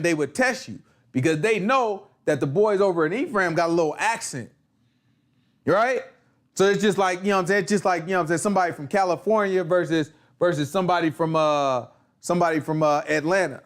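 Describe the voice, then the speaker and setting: A man leads a relaxed Bible study, breaking down a passage in loose, slangy speech. He is animated and now and then acts out street-style exchanges. His voice sits a little on the high side. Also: fast talker. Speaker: Bible teacher. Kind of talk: casual Bible study explanation.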